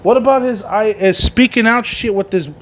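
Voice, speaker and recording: Speaking at a moderate pace, this man has a high, somewhat bright voice. As a wrestling podcast host, he reviews a show and rants furiously, cursing constantly throughout the recap.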